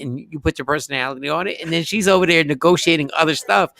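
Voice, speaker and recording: A man hosting a morning radio show, joking and telling animated stories in casual banter. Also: fairly high pitch, brisk, no room sound.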